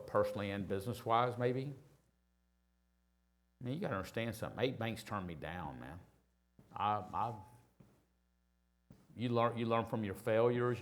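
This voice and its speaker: An older man from Houston, rambling through profane, self-mocking stories as a guest on stage. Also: on the low side. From Houston, Texas. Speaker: restaurateur guest. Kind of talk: casual storytelling on stage.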